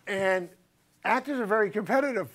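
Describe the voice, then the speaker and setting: A man's voice: high-pitched, brisk. A middle-aged man from Somerville, a guest actor telling stories on a casual talk show. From Somerville, Massachusetts. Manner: animated storyteller, mimics voices in anecdotes.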